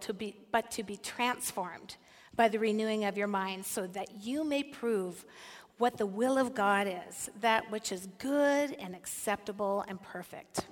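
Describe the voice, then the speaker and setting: Older woman, fairly high voice, animated sermon talk with direct questions to listeners, long hall reverb. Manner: animated storyteller, puts direct questions to the audience. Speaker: speaker at a Christian women's gathering. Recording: echoey hall.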